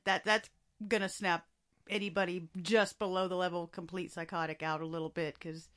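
A woman's voice: on the low side, brisk, a bit bright. A woman co-hosting a casual podcast, talking bluntly and emphatically with a lot of swearing. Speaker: podcast co-host. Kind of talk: casual chat.

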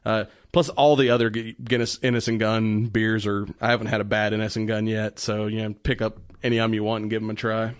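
A man co-hosting a casual podcast chat, talking in a relaxed, rambling way with frequent restarts. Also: lowish voice, a little fast, few pauses, no room sound, studio quality. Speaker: podcast co-host. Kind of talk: casual chat reviewing beer.

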